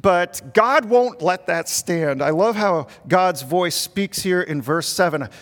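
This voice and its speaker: A middle-aged man, a pastor, preaching a sermon with earnest emphasis that swells and then drops quiet. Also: sits high, lively intonation, slow. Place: large church sanctuary. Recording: long reverb of a large hall.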